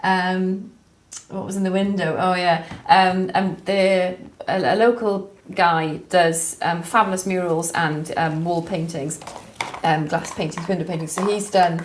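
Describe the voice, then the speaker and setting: A woman's voice: on the low side, fairly even intonation, unhurried. A woman co-hosting a jewellery livestream, chatting casually and laughing easily.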